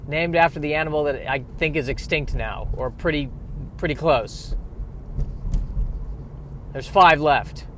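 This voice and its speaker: A man's voice: a little high, measured pace, long pauses, fairly bright tone, a little hiss or hum. A man giving a rambling, self-deprecating comic monologue outdoors near a street. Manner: self-deprecating, riffs with rising exasperation. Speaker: vlogger.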